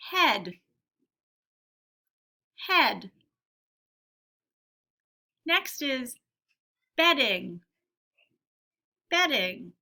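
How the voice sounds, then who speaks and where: A woman teacher giving a phonics lesson to young children, saying each word slowly and clearly twice. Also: sits high, sharp tone. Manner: slow, clear word-by-word dictation.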